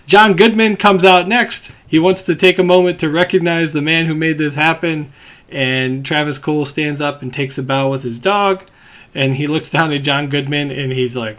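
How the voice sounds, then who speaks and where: A man hosting a podcast, recapping a movie scene by scene and acting out the quotes in lively voices. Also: on the high side, normal speed. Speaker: podcast host.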